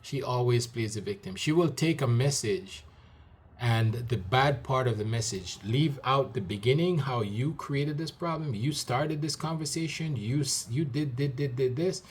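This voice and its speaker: A man's voice: medium pitch, measured pace, slightly rough. A middle-aged man telling a personal story in a hurt, aggrieved way, repeating himself and quoting his partner. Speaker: vlogger recounting a breakup.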